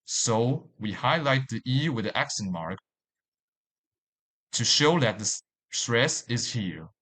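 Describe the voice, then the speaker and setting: A man narrating a language lesson in a slow, deliberate way, repeating each example word. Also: mid-range voice, expressive, fairly bright tone. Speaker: language teacher.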